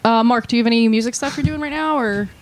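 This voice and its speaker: A woman's voice: on the high side, fast talker. A woman co-hosting a podcast, chatting and laughing as she wraps up the show. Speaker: podcast co-host. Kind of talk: casual chat.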